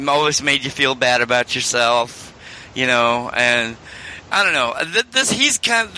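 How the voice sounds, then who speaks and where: A man's voice: mid-range voice, pushed and bright, slight background noise. A middle-aged man hosting a talk show, telling a story in a rambling, casual way with many restarts. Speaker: radio show host.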